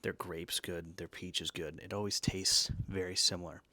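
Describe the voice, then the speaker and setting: A man's voice: sits low, level tone, moderate pace, pushed and bright, dry recording. A man hosting a casual talk, chatty and jokey, full of asides and tag questions. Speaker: host reviewing energy drinks and decks. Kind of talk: casual chat.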